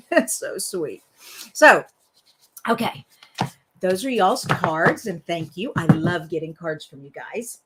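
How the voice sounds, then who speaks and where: A woman's voice: on the low side, fairly bright tone. A woman hosting a casual live card-making tutorial, chatty and rambling, often laughing.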